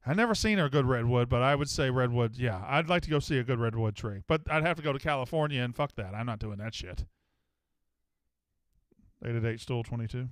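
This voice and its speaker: A man's voice: mid-range voice, animated, a little fast, no echo, studio quality. A man hosting a casual sports talk show, rambling, joking and swearing as he talks with a caller. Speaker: host.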